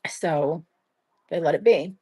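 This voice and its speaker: A woman's voice: deep voice, takes it slowly, dark tone, husky. A young adult woman hosting a livestream, telling a true-crime story in a blunt, rambling way full of "like" and casual swearing. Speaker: livestream host.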